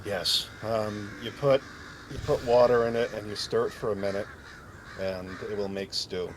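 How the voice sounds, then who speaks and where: A man's voice: lowish voice, fairly even intonation, moderate pace, noisy background. A man playing a tabletop game, joking and hesitant with many ums. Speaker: player. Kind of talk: casual tabletop play.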